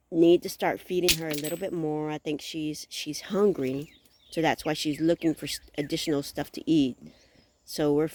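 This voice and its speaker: A woman's voice: sits low, darkish tone, a little hiss or hum. A woman vlogging from a rural campsite, telling stories animatedly with gasps and exclamations. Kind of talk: casual vlog chat.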